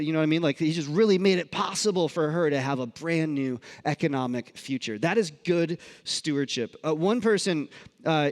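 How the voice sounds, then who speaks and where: A man preaching in a church, his voice sitting a little above the usual male range. He tells stories in a loose, conversational way, with restarts and asides. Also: a little high. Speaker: pastor. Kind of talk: sermon. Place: church sanctuary.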